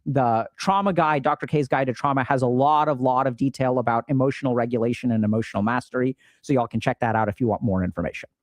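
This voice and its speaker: A man's voice: medium pitch, fast, few pauses, dry recording, studio quality. A man in his thirties explaining emotional skills in a casual, upbeat way, slipping into voices for remembered conversations. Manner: casual, upbeat, acts out quoted dialogue. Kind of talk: explanatory talk to camera.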